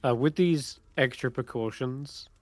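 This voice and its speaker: A man narrating a tabletop role-playing game as game master, descriptive and measured, with small hesitations. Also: mid-range voice, darkish tone, no room sound.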